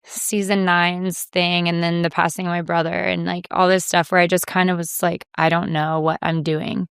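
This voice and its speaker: Chatty woman, smooth dry voice. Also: on the low side, little pitch movement, normal speed, no room sound. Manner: chatty, quotes herself and others often. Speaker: reality TV guest. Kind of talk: casual interview chat.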